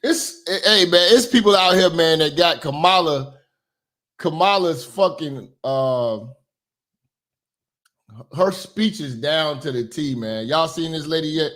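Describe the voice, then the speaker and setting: A man hosting reaction commentary, ranting loudly and profanely, then dropping to a mutter. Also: a little high, slow. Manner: loud ranting, swings to muttering. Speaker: commentary host.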